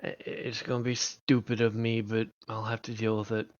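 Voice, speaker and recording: A man's voice: on the low side, little pitch movement, moderate pace, dry recording. A man playing a tabletop game in casual chat, hesitant and thinking aloud with fillers. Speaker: player. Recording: dull lo-fi dry recording.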